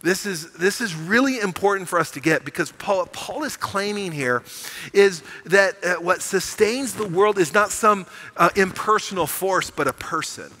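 A man's voice: high voice, animated, moderate pace, pushed and bright, rough recording. A middle-aged man preaching a sermon as pastor, telling a story with animation and building to emphatic proclamations. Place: church sanctuary.

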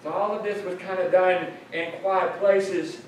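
A man's voice: sits high, fairly even intonation, unhurried. A man preaching a sermon, explaining a passage earnestly and repeating phrases for emphasis. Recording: very echoey room, mic at a distance, faint noise.

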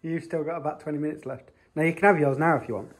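A man's voice: a little high, fairly even intonation, very fast, husky. A man vlogging chattily at home on a handheld phone, joking and rambling. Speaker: family vlogger. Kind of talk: casual chat to camera. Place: family home, kitchen.

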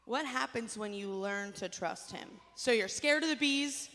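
A woman with a fairly high voice leads a children's chapel service, animated and coaxing as she gets the kids to repeat lines back to her. Her voice carries a long reverb from a church hall. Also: a little slow.

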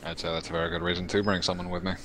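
A man's voice: low-pitched, level tone, rapid-fire, a bit bright, slight background noise. A man playing his character in a tabletop role-playing game, answering in dry, curt lines. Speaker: player.

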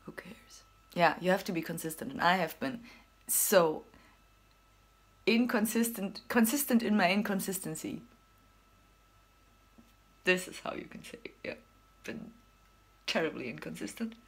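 A woman's voice: lowish voice, normal speed, long pauses. A young woman with a German accent, chatting in a rambling, self-mocking vlog with giggles and whispered asides. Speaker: vlogger. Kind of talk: casual vlog chat.

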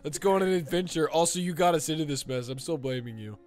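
A man's voice: fairly high pitch, quick pace, darkish tone, natural voice. A man voicing a grumpy, foul-mouthed young male pony student in an improvised comic fan dub. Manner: bitter, complaining, swears a lot.

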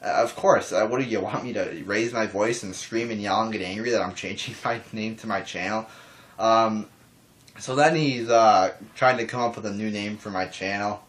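A young man talking calmly to his camera in a casual response vlog, rambling with lots of restarts and fillers and casual swearing. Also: lowish voice, normal speed. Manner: calm, even talking voice. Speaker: wrestling YouTuber.

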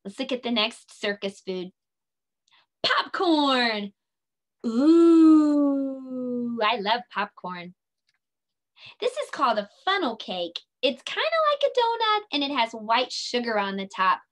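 A woman leading a children's circle time lesson, speaking in a slow, sing-song, encouraging way and stretching her words out. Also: fairly high pitch, sing-song, sharp tone. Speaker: preschool teacher.

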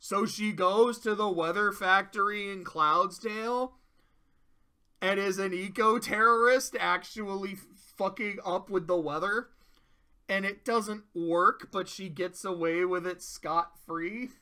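Male reviewer, casual, animated and profane, high bright voice, slips into quick character voices. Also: clear, resonant tone. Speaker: show reviewer. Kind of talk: casual tier-list commentary.

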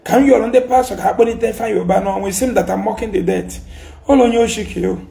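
A man's voice: sits high, very fast, vocal fry, warm tone. A Nigerian man with an Igbo accent, ranting and scolding in a heated social media monologue, mixing Igbo and English and repeating his points. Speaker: commentator.

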